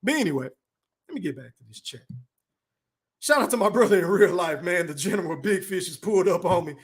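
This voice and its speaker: A man's voice: high voice, lively intonation, breathy edge. Brash, profane man hosting a live chat. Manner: brash, profane, drawn-out shout-outs. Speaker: podcast host reading live chat. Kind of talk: casual livestream chat.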